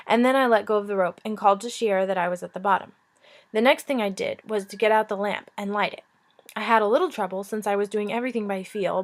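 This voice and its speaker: A woman teacher reading a chapter book aloud in a relaxed, informal way. She breaks off now and then for casual asides and jokes. Everyday, unpolished delivery. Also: mid-range voice. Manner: informal, joking, breaks off to chat.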